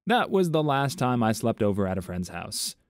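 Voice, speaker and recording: A man's voice: medium pitch, big pitch swings, normal speed, dry recording. Man narrating stories, dry and close. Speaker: story narrator. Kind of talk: reading online stories with commentary.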